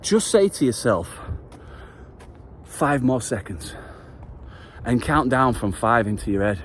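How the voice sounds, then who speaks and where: Having just worked out, a man gives an earnest motivational vlog message full of passion and the occasional swear word. His medium-pitched voice is a bit bright and sing-song at a moderate pace, with slight background noise.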